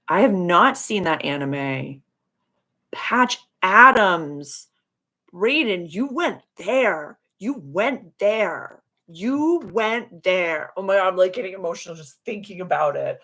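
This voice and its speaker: A woman hosting a casual live stream as a spiritual healer, gushing and affirming as she answers viewer comments. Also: very deep voice. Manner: soothing, affirming.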